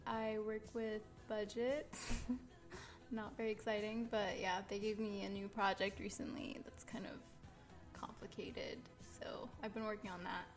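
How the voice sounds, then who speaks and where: A woman's voice: mid-range voice, little pitch movement, measured pace, over music. A young woman in her twenties co-hosting a podcast in casual, giggly chat. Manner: giggly, chatty, trailing off. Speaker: podcast co-host.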